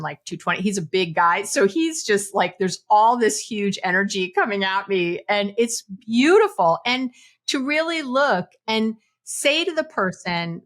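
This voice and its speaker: Woman psychologist, podcast guest; animated advice-giver who voices quoted lines. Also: medium pitch. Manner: animated, acts out quoted lines, laughs often. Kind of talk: podcast conversation, giving advice.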